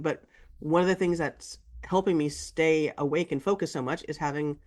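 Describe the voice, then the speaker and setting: A woman co-hosting a podcast in casual chat, animated and acting out quoted lines in a higher voice. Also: normal speed. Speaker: co-host.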